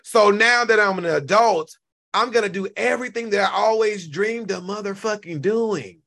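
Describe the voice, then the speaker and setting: A man in his forties hosting a casual live-stream rant, animated and profane, repeating himself and now and then breaking into shouts. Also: sits high, normal speed, creaky. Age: 40s. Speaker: YouTube commentary host.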